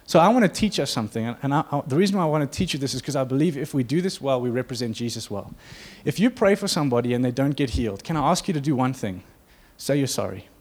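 A man's voice: mid-range voice, animated, fast, few pauses, a little mellow, husky. A man preaching a sermon to his church in an earnest, conversational way, acting out quotes as he goes. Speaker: pastor.

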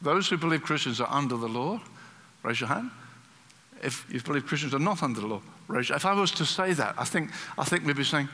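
A man preaching a sermon to a congregation in a lively, animated way, acting out quoted voices and using many fillers. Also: a little high, fairly quick. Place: church hall. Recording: long hall reverb.

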